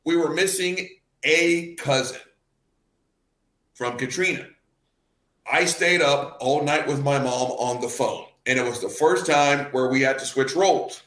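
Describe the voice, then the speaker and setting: A Cajun man in his fifties from Louisiana, ranting profanely in a casual chat, repeating himself and veering between laughter and shouting. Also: medium pitch, unhurried, reverberant, poor audio. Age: 50s.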